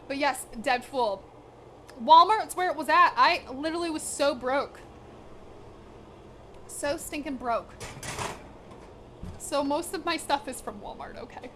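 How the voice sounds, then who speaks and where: A young woman with a high voice speaks over background noise. She's a cooking streamer in her home kitchen, chatting casually and slangily with live-stream viewers while she cooks, directly addressing her chat and a little out of breath.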